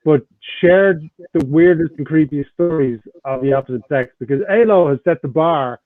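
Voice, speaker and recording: A man's voice: fairly high pitch, moderate pace, dry recording. A man co-hosting a comedy podcast, making wry remarks. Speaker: co-host. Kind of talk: casual comedy podcast chat. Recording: tinny phone-like call line, dry.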